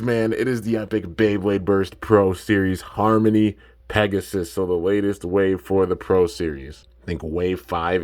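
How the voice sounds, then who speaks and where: A man's voice: deep voice, slight background noise. A young man doing a casual unboxing review, laid-back and rambling, filling his talk with "man" and "like," a bit sleepy. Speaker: toy reviewer.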